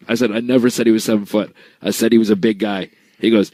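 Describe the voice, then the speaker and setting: A man co-hosting a podcast tells stories with lively, profane energy. His low voice leaps up and down in pitch. The sound is dry and close. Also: fast, no room sound. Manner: animated, profane storyteller. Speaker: podcast co-host. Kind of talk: casual chat.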